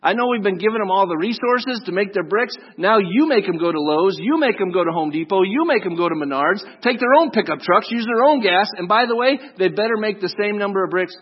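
A man's voice: high voice, lively intonation, fairly quick, hardly any pauses, slightly rough, pitched above the performer's own voice. A man voicing an arrogant, defiant king who scoffs and boasts. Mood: commanding. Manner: scornful, dismissive, boastful. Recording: dull lo-fi recording.

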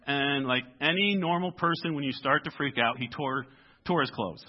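A male pastor delivers a casual, conversational sermon in a church, acting out the people in the story with everyday voices. His pitch sits in a middle range, and the recording sounds dull and lo-fi. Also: normal speed. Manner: animated, acts out the story characters in casual voices.

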